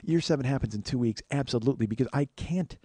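Man, podcast host, solo storyteller, rapid and profane, closely miked in a dead room. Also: warm tone, dry recording. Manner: profane, earnest, confessional; acts out quoted voices in a higher pitch.

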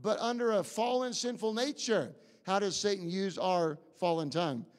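In a church sanctuary, a male pastor with a very high voice delivers a sermon at normal speed, his words echoing through a long hall reverb. He emphatically questions the congregation, stumbling over fillers and restarts as he rises to near shouts.

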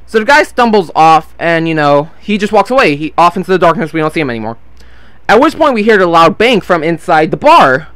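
High-voiced rambling teen storyteller man. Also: very animated, brisk, a bit bright, clear, resonant tone, dry recording. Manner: rambling, swears freely, loses his train of thought. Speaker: gameplay vlogger. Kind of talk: casual storytelling over gameplay.

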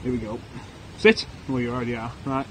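A man's voice: medium pitch, level tone, brisk, low-quality recording. A man giving a jokey, sweary running commentary to his dog while he builds a snowman outside on a snowy street. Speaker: podcast co-host. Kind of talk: casual vlog. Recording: outdoor camera audio with ambient noise. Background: outdoor ambience and a barking dog.

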